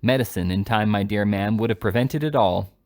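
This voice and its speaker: A man voicing a complacent young doctor with a smooth, professional bedside manner. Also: fairly low pitch, a little fast, darkish tone, close to an everyday voice. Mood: smug. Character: smug young male doctor, falsely soothing.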